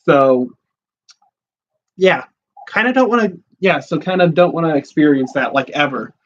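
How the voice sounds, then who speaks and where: A man hosting a livestream in a loose, rambling way, full of ums and likes. His voice sits a bit high for a man. The sound is dull and lo-fi. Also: expressive, moderate pace, slight background noise. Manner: chatty, rambling with many fillers. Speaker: podcast host. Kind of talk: casual livestream talk.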